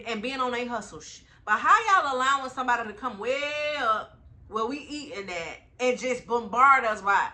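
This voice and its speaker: Young woman, casual travel vlog, animated and slangy, bright forward tone. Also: on the high side. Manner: slangy, animated, talks straight to viewers. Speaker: travel vlogger.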